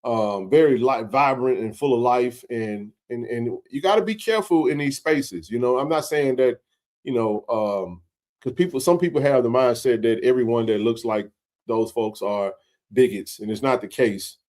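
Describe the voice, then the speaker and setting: A sports talk show host from Mississippi tells a long story on a livestream, fired up and chatty, full of filler words. His voice is mid-range and a little dark, at a normal pace.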